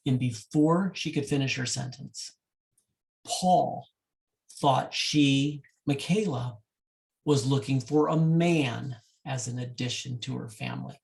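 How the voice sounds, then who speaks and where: A man working as a wedding DJ, speaking directly to couples and telling a love story in an animated way. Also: mid-range voice, takes it slowly, gravelly.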